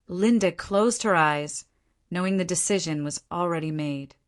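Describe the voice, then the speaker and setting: Low-voiced woman narrating a dramatic story. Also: moderate pace. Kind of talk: scripted narration.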